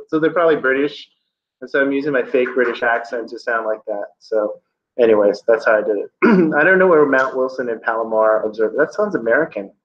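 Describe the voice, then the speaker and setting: A male teacher leading a test-prep lesson, loose and joking as he walks students through answers. His voice rings in a roomy classroom, the sound a little dull, with faint room noise behind. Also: mid-range voice. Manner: casual, joking, encouraging.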